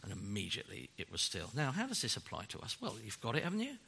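Animated preacher in an echoing hall. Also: male voice, lowish voice, quick pace, creaky, breathy edge. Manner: animated, emphatic, asks rhetorical questions. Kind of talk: sermon. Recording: long hall reverb.

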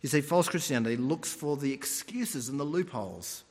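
Male preacher, animated sermon delivery, high and expressive, long reverb. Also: normal speed, few pauses, husky. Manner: animated storytelling, mimics voices.

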